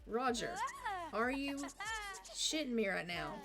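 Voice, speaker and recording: A woman's voice: fairly high pitch, expressive, slow, music in the background. A woman streaming a life-sim game, chatting casually with dry, sarcastic asides. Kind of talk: casual gameplay commentary.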